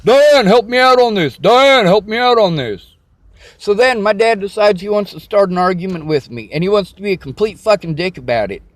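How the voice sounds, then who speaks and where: A man's voice: high voice, no room sound. A man venting to camera in an agitated, profane, repetitive rant. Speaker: vlogger. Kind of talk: angry personal rant to camera.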